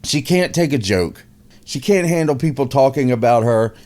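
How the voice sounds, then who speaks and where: A man's voice: mid-range voice, animated, normal speed, darkish tone. A man casually mocking a news story as a podcast host, laughing often and repeating himself. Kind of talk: casual opinion commentary.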